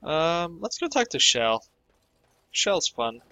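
A man casually commenting on his own playthrough of a video game, offhand and relaxed. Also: a little high, takes it slowly, rough recording. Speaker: gamer. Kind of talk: let's play commentary. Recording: voice over game audio with faint music.

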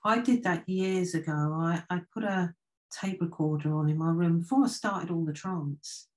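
Woman telling stories, slightly low. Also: a little mellow. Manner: anecdotal, unhurried, with filler restarts. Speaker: trance medium, guest. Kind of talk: casual storytelling in conversation.

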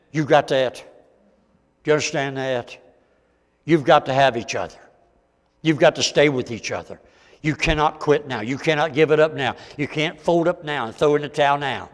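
An older man preaching a sermon as a visiting evangelist, fervent, folksy and pleading with his listeners. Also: mid-range voice. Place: church sanctuary. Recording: long reverb of a church hall.

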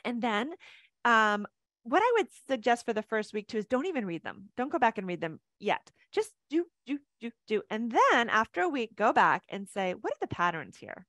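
A woman in her fifties coaches a webinar audience over a video call. Her talk is animated and chatty, with easy laughs, and it sounds dry, close and unreverberant. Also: fairly high pitch, normal speed, no echo. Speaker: mindset coach.

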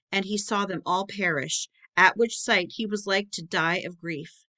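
A woman narrating a public-domain book aloud in a steady, measured reading. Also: mid-range voice. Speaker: audiobook narrator.

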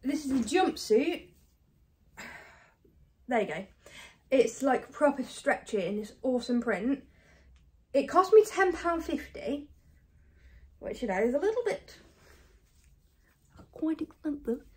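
A woman from the UK chatting casually to camera about her thrift finds, fast and self-deprecating, a bit out of breath. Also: sits high, animated. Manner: chatty and self-deprecating, talks fast with many ums and likes. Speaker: reseller vlogger. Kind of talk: casual haul chat to camera.

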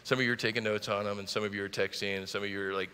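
Bright-voiced pastor in an echoing church. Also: male voice, lowish voice, flat delivery, rapid-fire, clear, resonant tone. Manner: preaching with rising emphasis and playful asides. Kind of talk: sermon. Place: church sanctuary.

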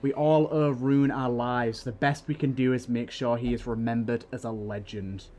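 A man voicing a blunt, forceful male warrior who speaks firmly, in a read-aloud game story. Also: mid-range voice, fairly even intonation, normal speed, natural voice. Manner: firm, forceful.

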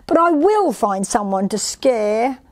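A woman's voice: on the high side, sing-song, takes it slowly, dry recording, studio quality, voice pushed up. A woman voicing a small, boastful young male tiger cub in a children's picture book, eager and indignant. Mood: sad.

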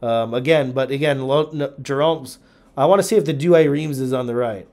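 A man's voice: medium pitch, normal speed, darkish tone. A man teaching a Bible-history lesson, talking through charts and thinking aloud with frequent ums, restarts and check-ins. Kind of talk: lecture walking through charts.

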